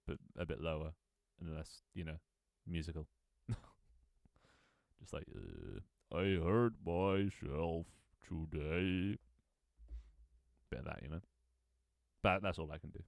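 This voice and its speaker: Joking low-voiced man chatting over a game. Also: fairly quick, gravelly, no echo, studio quality. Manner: playful, joking, chuckles often. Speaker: gaming streamer. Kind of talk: casual gameplay chat.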